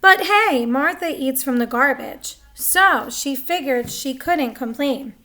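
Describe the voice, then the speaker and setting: A woman's voice: high-pitched, animated, slow, bright, forceful tone. A woman reading a picture book aloud, chatty, stopping to comment on the pictures. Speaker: story reader.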